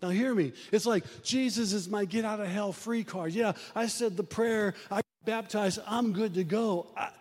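A man's voice: high voice, moderate pace, hardly any pauses, darkish tone, in a large hall. A middle-aged male pastor preaching a sermon, with emphatic rises and sudden drops in his delivery.

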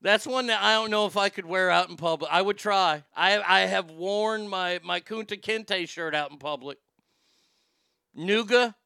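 Man, host, sarcastic profane rant, crisp voice, dry recording. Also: sits high, moderate pace, hardly any pauses, sharp tone, no room sound. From Texas. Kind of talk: casual comedic rant.

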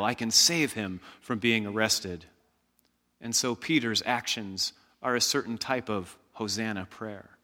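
A man preaching a sermon as pastor, slow and emphatic, leading the congregation in call-and-response shouts. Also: fairly low pitch, long reverb tail.

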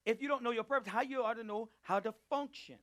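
A man teaching a Bible study, preaching emphatically and calling out to his listeners, swinging between loud and hushed delivery. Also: very high voice, fast. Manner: emphatic, calls out to the group. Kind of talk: preaching to a live group.

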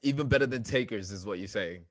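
A man co-hosting a podcast in casual chat, joking and teasing, quick to laugh. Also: lowish voice, fairly bright tone, no room sound. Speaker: podcast co-host.

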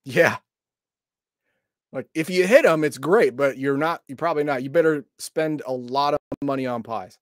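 A man's voice: mid-range voice, normal speed, no echo. A man co-hosting a casual chat with dry, wisecracking banter. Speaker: co-host.

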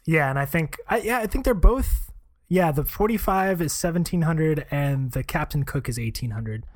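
An easygoing man co-hosting a podcast, pausing often with fillers as he talks. His voice sits slightly high for a man, and it sounds dry and close with no room echo. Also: expressive. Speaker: podcast co-host. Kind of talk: casual chat.

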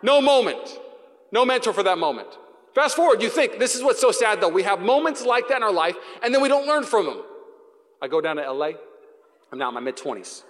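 A man's voice: sits high, very animated, fast talker. A man in his thirties preaching a live sermon to his congregation as pastor, telling comic stories with playful acted sound effects. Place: church sanctuary before a congregation. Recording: reverberant live church hall.

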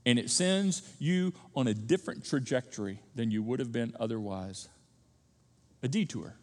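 A man preaching a sermon as pastor, conversational and lively, acting out little asides. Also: mid-range voice, moderate pace. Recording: long church hall reverb.

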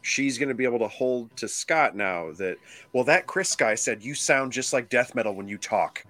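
A man's voice: medium pitch, lively intonation, normal speed, sharp tone, no room sound. A man in casual podcast chat, easygoing and joking.

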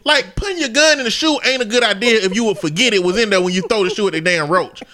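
A man's voice: sits high, quick pace, pushed and bright. A man co-hosting a casual podcast, telling stories in a loose, joking way. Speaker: podcast co-host. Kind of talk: casual chat.

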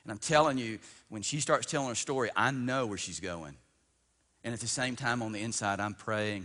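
A man in his fifties, a pastor preaching a sermon, swinging between loud emphatic bursts and hushed storytelling and repeating words as he builds up. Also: on the low side, normal speed. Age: 50s. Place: church sanctuary. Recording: long church-hall reverb.

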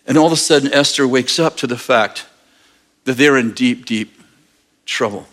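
A man preaching a sermon, retelling a scripture story in lively, casual storytelling. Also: mid-range voice, normal speed. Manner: animated storyteller, acting out characters. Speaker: pastor.

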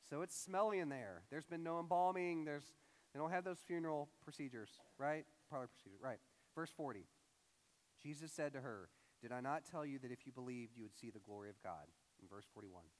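A young man preaching a casual, conversational sermon as a pastor, animated and acting out quoted voices. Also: mid-range voice, brisk, long reverb tail.

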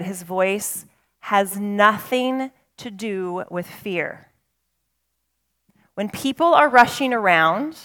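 A woman pastor delivering a sermon, slow and emphatic, with dramatic pauses. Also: mid-range voice, vocal fry, a bit bright.

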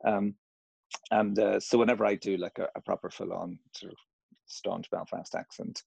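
A man's voice: fairly low pitch, level tone, moderate pace, creaky, darkish tone, husky, no echo, rough recording. A middle-aged man with a Northern Irish accent touched by American, talking casually in an interview, hesitant with many fillers and restarts. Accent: Northern Irish, slightly Americanized. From Northern Ireland.

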